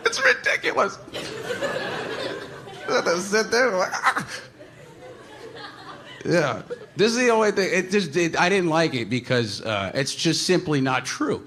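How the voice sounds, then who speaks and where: A man doing a stand-up comedy set on a live stage, rambling and self-deprecating, with many fillers and sudden shouted bits. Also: sits high, animated, measured pace, a faint crowd. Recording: noisy live stage recording.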